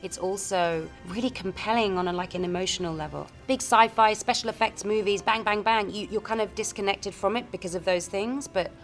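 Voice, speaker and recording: A woman's voice: mid-range voice, brisk, few pauses, faint music behind. A woman, interviewed as an actor, speaking in a wry, articulate way. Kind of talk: casual interview chat.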